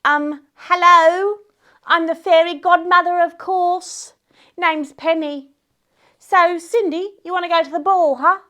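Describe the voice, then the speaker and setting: A woman's voice: very high-pitched, steady tone, slow, sharp tone, pitched above the performer's own voice, exaggerated voice. A woman voicing a cheerful, brash fairy godmother who talks in a breezy, grinning way.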